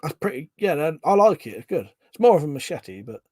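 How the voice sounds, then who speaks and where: A man's voice: on the high side, big pitch swings, brisk, dark tone, slightly rough, dry recording, clean studio sound. A man, hosting a casual livestream, reading out viewer comments, swearing freely and laughing often. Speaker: livestream host.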